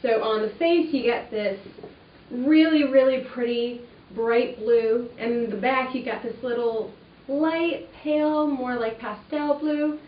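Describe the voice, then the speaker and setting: A woman's voice: on the high side, unhurried, a little hiss or hum. A young woman hosting a fabric webinar, chatting casually and enthusiastically with lots of "like" and "um". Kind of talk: casual product walkthrough. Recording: roomy, distant, slightly dull sound with faint ambience.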